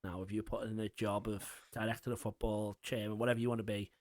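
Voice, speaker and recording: Quick-talking male podcast host. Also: lowish voice, level tone, no echo, studio quality. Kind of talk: casual interview chat.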